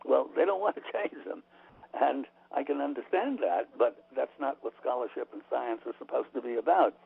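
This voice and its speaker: Over a tinny phone line, an author appears as a radio guest, speaking emphatically and with strong opinions while often restarting his sentences. His voice is medium-pitched and slightly rough with vocal fry, at a moderate pace.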